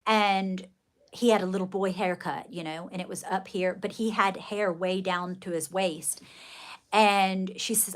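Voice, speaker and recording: A woman's voice: medium pitch, unhurried. A middle-aged woman hosting a live stream, telling rambling stories in casual chat and calling her viewers darling. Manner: chatty, rambling storytelling, calls viewers darling. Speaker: livestream host.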